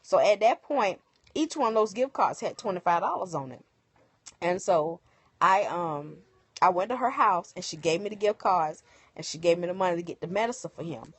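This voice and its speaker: A woman telling viewers a personal story in casual, animated speech, acting out the other people's lines. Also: fairly low pitch, moderate pace, slightly rough. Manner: emotional, animated retelling with quoted dialogue. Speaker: livestream host. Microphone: phone.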